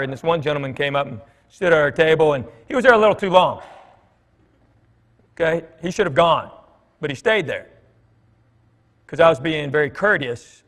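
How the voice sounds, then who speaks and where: In a big church hall with an audience, a middle-aged male comedian shares joking, chatty stories sprinkled with fillers and side remarks. His voice is a little high and fairly bright, and the room adds long reverb.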